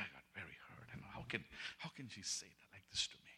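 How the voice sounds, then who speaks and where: A man from India telling a personal testimony in a sermon, animated and chuckling as he tells his story. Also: low-pitched, brisk, slightly rough, big-room sound. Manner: animated storytelling, laughs often. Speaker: preacher.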